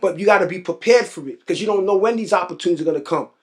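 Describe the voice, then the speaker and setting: High-pitched new york guy telling his story on an interview, lively, repeats himself a lot. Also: very fast. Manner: animated, repeats phrases, acts out quoted voices. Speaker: real estate investor guest.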